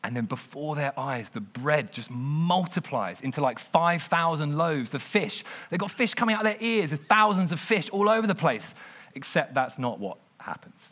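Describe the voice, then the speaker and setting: Young preacher, chatty and lively, swings from hushed to bright. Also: male voice, fairly high pitch, normal speed. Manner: animated, conversational, frequent "like". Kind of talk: informal sermon storytelling.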